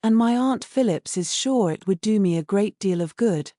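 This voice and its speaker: A woman's voice: medium pitch, animated, normal speed, dark tone, no echo, studio quality, close to an everyday voice. A woman voicing a peevish, jealous young girl in a storybook, whining about unfairness.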